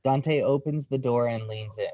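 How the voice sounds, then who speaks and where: A man reads stage directions in a flat, matter-of-fact way. His voice sits at a middle pitch. The sound is dry and close, but muffled and lo-fi. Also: moderate pace, no room sound.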